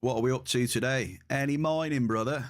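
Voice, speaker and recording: A man's voice: medium pitch, a little fast, a little hiss or hum. A man live-streaming a game, chatting casually and laughing at his own attempts to pronounce words. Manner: laid-back, chatty, laughs at own pronunciation.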